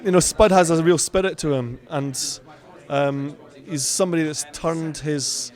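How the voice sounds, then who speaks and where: A male actor speaking earnestly and haltingly on an outdoor red carpet. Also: fairly high pitch, a little mellow. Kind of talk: casual red carpet interview.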